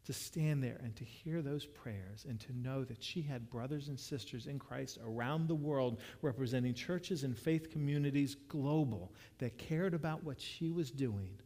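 A man's voice: medium pitch, unhurried, a little mellow, long reverb tail. A man preaching a sermon, telling a story in a conversational way with frequent restarts. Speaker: pastor.

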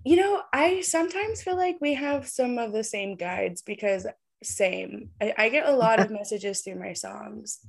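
Giggly higher-voiced woman podcaster. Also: unhurried, gravelly. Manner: giggly, animated, laughs often. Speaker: podcast co-host and tarot reader. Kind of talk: casual chat. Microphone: video call.

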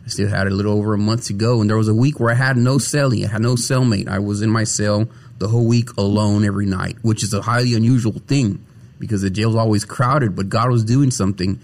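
A man's voice: lowish voice, steady tone, quick pace, a little mellow. A man telling his personal faith testimony as an interview guest, earnest and often repeating words as he searches for them.

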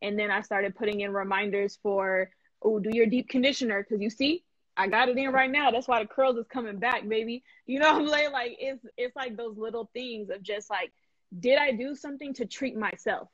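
A woman hosting a live stream in casual chat, animated and emphatic, laughing often and full of slang. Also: a little high, fairly quick, dry recording, muffled recording. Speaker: host.

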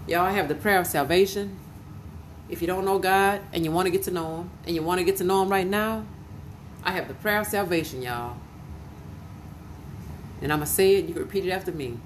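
A woman's voice: on the low side, brisk, pauses often, a little hiss or hum. A woman preacher delivering a fervent prophetic sermon on her podcast, repeating phrases and breaking into hallelujahs while addressing listeners directly. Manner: fervent, repetitive, punctuated with hallelujahs; speaks directly to listeners as "y'all".

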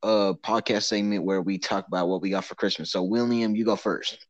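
A man's voice: fairly low pitch, steady tone, brisk, no room sound. A teenage boy hosting a casual podcast with friends, rambling, laughing and swearing as he talks. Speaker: podcast host. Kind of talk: casual chat among friends. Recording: dull muffled lo-fi sound.

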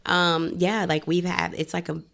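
A woman's voice: on the low side, normal speed, gravelly. A woman in her thirties co-hosting a casual podcast, talking bluntly and with plenty of profanity. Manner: blunt, profane and animated, laughing often. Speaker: podcast co-host.

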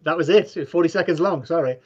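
A man's voice: on the high side, fast talker, darkish tone, highs cut off, slight background noise. A man from England talking as a podcast guest in casual chat, dry and self-deprecating, with lots of ums and restarts. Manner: self-deprecating, dry, hesitant with many fillers. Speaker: guest, comedy video maker.

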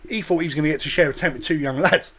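A man telling a sweary, animated story on a casual podcast chat, acting out other people's voices. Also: a little high, very fast. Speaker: podcast host.

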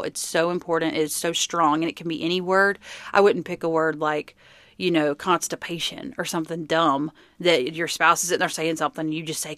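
A young woman talks earnestly on her podcast, sharing relationship advice in a chatty, conversational way. Her voice sits low. The recording is dry and close, with no room sound. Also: a bit bright, no room sound. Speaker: podcast host. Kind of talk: casual advice talk.

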